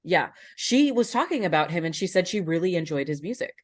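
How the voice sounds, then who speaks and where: A woman hosts a casual podcast chat with a somewhat low-pitched voice. She talks freely and thoughtfully and asks her guest open questions. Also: big pitch swings, a little fast. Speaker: podcast host.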